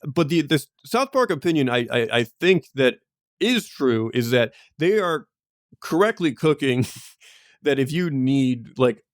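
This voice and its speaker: A man's voice: medium pitch, animated, unhurried, no echo, clean studio sound. A man co-hosting a podcast, telling stories in loose, rambling casual chat full of asides and laughs. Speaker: podcast co-host.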